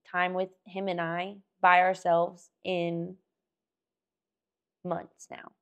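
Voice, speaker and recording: A woman's voice: on the low side, monotone, drawn-out words, fairly bright tone, clean tone, lo-fi sound. A young woman in casual podcast chat, chatty, laughing often, trailing off and restarting. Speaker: podcast co-host, engaged to a host.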